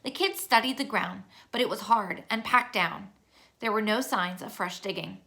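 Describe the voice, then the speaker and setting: Bright-voiced woman reading a storybook. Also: medium pitch, normal speed. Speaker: narrator. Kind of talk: reading a children's chapter book aloud.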